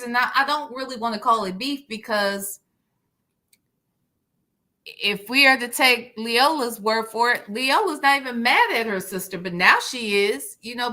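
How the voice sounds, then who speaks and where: Slow, bright-voiced woman host. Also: on the high side. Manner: easygoing, calls the audience honey and baby. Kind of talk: reaction commentary.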